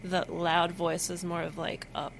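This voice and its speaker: A woman hosting a podcast interview over a video call, reflective and affirming with soft murmurs. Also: lowish voice, monotone, measured pace, gravelly, slight background noise. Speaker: podcast host.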